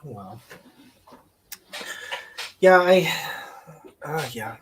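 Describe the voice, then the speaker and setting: A podcast co-host stumbles through a funny work story with lots of "like" and quick restarts. The pitch rises and falls a great deal, and the delivery stays loose and chatty. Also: animated, crowd noise. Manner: halting, filler-heavy with "like" and laughter. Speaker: podcast co-host, casino dealer. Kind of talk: casual storytelling chat.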